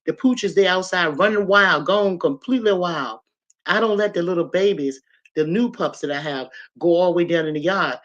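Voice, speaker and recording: A woman hosting a livestream, chatting casually with viewers and telling animated, colloquial stories. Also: fairly low pitch, moderate pace, dull audio. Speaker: livestream host. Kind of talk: casual chat and storytelling to viewers.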